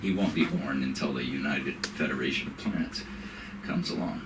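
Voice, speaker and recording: A middle-aged man doing an open-mic stand-up set, rambling and halting, laughing at his own jokes. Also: rumbling low. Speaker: stand-up comedian. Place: comedy club stage. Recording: echoey room, far from the mic, noisy.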